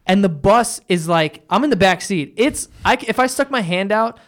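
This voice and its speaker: A young man with a high voice hosts a casual podcast chat. He tells loose, profane stories and acts out the people in them with lively energy. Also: moderate pace. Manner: loose storytelling, profane, animated retellings. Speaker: podcast host.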